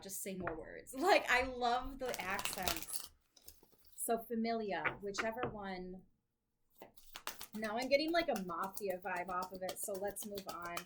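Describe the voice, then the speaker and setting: A tarot reader with a medium-pitched voice talks to camera at home while her dogs hang around, over audible background noise. Her reading is casual and chatty, with plenty of thinking aloud and an occasional swear word.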